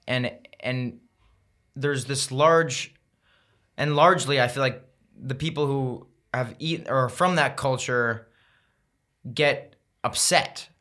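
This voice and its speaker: A man's voice: mid-range voice, slow, long pauses, pushed and bright. A man guest on a podcast, talking thoughtfully in casual conversation, rambling with restarts. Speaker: guest, content creator.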